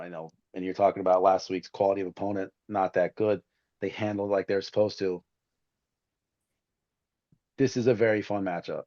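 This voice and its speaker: A man's voice: on the low side, a little mellow, dry recording, highs cut off. Upbeat man hosting a football show. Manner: upbeat, joking, laughs often. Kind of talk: casual sports chat and game predictions.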